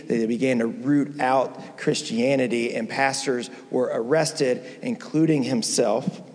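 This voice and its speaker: A man's voice: mid-range voice, a little mellow. A man preaching a sermon as a guest speaker, telling a story and building to emphatic peaks. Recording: long church reverb.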